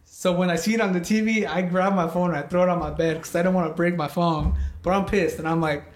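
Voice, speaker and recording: A man's voice: high voice, steady tone, fast talker. A young man telling a story in casual chat, rambling with lots of "like" fillers and frequent swearing. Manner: rambling, heavy use of "like", swears a lot.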